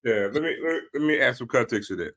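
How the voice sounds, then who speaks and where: A man co-hosting a casual sports talk show, breaking in calmly and methodically to add context. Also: medium pitch. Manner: measured, jumps in to add context.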